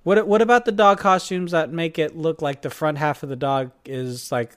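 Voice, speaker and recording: Animated, rambling young man, fairly high voice. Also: normal speed, clear, resonant tone. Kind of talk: casual chat.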